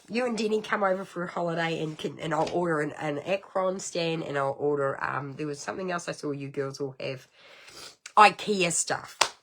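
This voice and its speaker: A middle-aged woman with a New Zealand accent hosting a casual card-making livestream, chatty and rambling, with sudden high exclamations. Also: fairly bright tone. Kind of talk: casual craft livestream chat.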